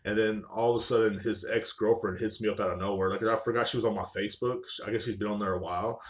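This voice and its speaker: Young male podcast host, slightly low voice; loose, profane, rambling solo storytelling. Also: fairly even intonation, fast talker. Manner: rambling, profane, filler-heavy with "like" and "you know what I'm saying".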